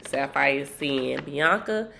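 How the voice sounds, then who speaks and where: Gravelly woman giving a gossipy recap. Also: a bass voice, slow pace, a little hiss or hum. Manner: animated, slangy, slips into acted quotes. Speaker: reality TV recap host.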